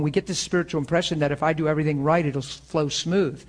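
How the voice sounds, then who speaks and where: Earnest man preaching in a somewhat high voice. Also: fairly even intonation, fast talker, hardly any pauses, darkish tone. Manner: earnest, conversational, tells personal stories. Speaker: pastor teaching students. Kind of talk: informal sermon ending in a prayer. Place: room with students present, also streamed online.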